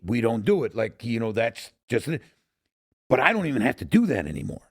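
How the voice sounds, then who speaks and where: A man's voice: medium pitch, sing-song, brisk. A middle-aged man from Chicago hosting a podcast, telling stories casually and acting out quoted lines. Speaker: podcast host and technical advisor. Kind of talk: casual interview storytelling.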